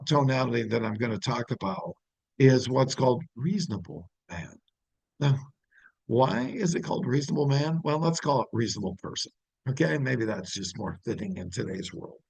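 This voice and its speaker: A man's voice: medium pitch, gravelly, darkish tone, breathy edge, low-quality recording. A man teaching a sales lesson, emphatic and shifting his tone, often checking in with the listener. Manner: emphatic, varies tone, asks "make sense?". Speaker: sales trainer.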